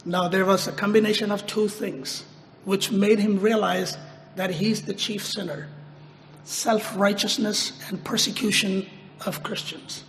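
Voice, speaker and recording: A man delivers a sermon in a high voice, taking his time over each phrase. He repeats his points for emphasis and pushes his voice up when he quotes a prayer. The hall gives a long echo, with faint room noise behind him. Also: steady tone, a little slow, a bit bright. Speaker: preacher.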